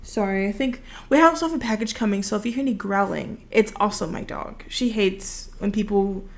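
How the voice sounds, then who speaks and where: A woman's voice: medium pitch, a little fast. A young woman telling a rambling, casual story over her gameplay footage, full of fillers, recorded at home. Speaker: video creator.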